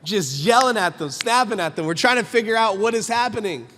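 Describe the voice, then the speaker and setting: Male pastor, slightly high voice, preaching in a church with long hall reverb; emphatic and conversational, lots of rhetorical questions. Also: expressive, fairly quick, bright, forceful tone, a little hiss or hum. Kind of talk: sermon. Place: church sanctuary.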